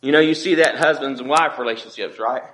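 A man's voice: mid-range voice, fast talker, fairly bright tone. A man preaching as a pastor in a church, talking in a conversational way and acting out the voices he quotes. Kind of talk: sermon.

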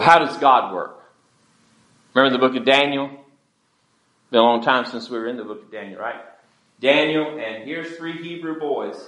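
Emphatic preacher in an echoey church. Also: male voice, mid-range voice, fairly bright tone. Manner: emphatic, call-and-response. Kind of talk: sermon.

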